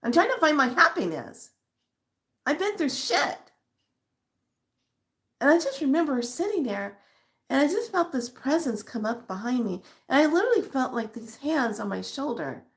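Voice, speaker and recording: A middle-aged woman recounts a personal story to her viewers with animated emotion. Her voice sits fairly high for a woman. She mixes quiet reflection with heated, acted-out dialogue. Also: a little fast. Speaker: spiritual vlogger.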